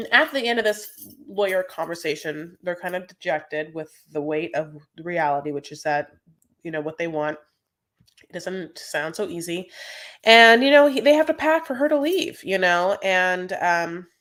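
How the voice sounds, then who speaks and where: A woman's voice: on the low side, fairly bright tone. Chatty rambling woman recapping TV. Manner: chatty and rambling, many "like"s and quick asides. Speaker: host. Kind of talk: casual live recap of a reality show.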